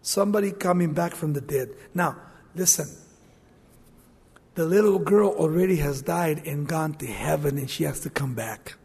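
A man preaching a sermon, animated, acting out scripture scenes in quoted voices. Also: a little high, normal speed, creaky, slightly rough. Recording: long hall reverb.

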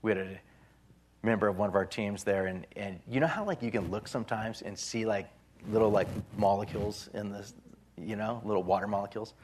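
A man preaching a sermon, retelling a Gospel story with dramatic swings in loudness and voicing the people in it. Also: fairly low pitch, a little fast, a little hiss or hum.

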